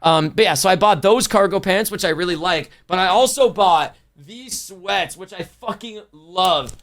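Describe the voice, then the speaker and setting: A man's voice: high-pitched, normal speed, a bit bright. A man livestreaming, chatting casually to his viewers in a rambling, slangy way that keeps correcting itself. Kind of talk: casual chat to a stream chat.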